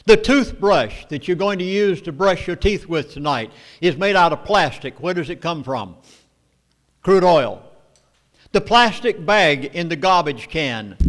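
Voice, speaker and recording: A man with a Southern US accent lecturing an audience, emphatic and storytelling, with dramatic pauses. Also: sits high, a bit bright. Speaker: speaker at a meeting. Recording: long hall reverb.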